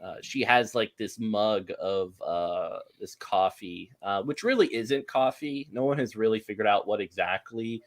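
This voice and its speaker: A man's voice: on the low side, measured pace, few pauses. A man running a tabletop game as game master, narrating with many fillers and laughs.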